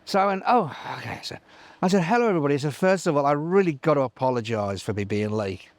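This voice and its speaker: A middle-aged live sound engineer telling animated stories in an interview, acting out other people's voices with many restarts. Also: male voice, medium pitch, brisk, no echo. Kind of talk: anecdotal interview chat.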